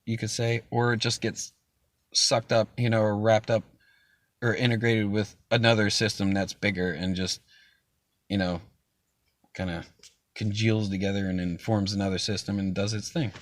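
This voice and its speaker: A man's voice: lowish voice, flat delivery, moderate pace, pauses often, no room sound. A young man hosting a casual chat stream, rambling loosely with frequent swearing and laughter. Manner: rambling, profane, laughs often. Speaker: stream host.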